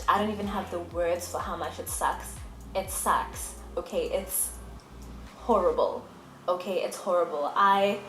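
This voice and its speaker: A woman's voice: medium pitch, a bit bright. A young woman vlogger from South Africa, emotionally retelling a hard experience with emphatic repetition. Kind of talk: casual storytelling to camera. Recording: echoey room, faint music.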